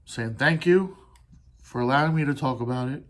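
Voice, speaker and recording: In this candid solo podcast monologue, the male host speaks earnestly but haltingly, pausing and restarting, with casual swearing as he opens up. His pitch is medium.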